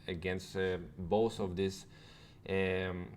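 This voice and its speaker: Brief: male crypto vlogger, low voice, rambling delivery full of fillers, faint background hiss. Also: little pitch movement, takes it slowly, darkish tone. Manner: loose and rambling, many fillers and restarts. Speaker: crypto channel host. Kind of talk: casual news commentary.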